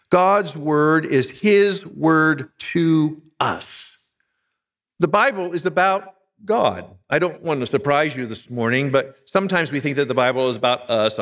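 A man's voice: mid-range voice, fairly bright tone, in a large hall. A man in his sixties from Pennsylvania, a retired pastor preaching a sermon with folksy, humorous storytelling. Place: church sanctuary.

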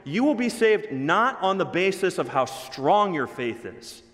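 Male pastor, animated sermon delivery in a reverberant sanctuary. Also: measured pace. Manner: emphatic, varies pitch and pace for emphasis. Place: church sanctuary. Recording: reverberant hall.

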